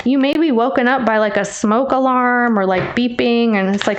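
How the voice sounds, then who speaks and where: A woman's voice: on the high side, normal speed, background noise. Chatty woman doing a tarot reading. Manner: chatty, teasing, addresses listener as babe. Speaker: tarot reader.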